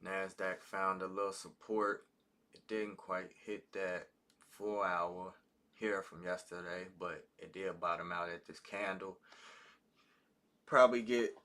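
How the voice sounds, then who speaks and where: A man's voice: low voice, pushed and bright. A man hosting a live trading stream, teaching in a casual, loose way with frequent fillers. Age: adult with a child. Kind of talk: live market commentary and teaching.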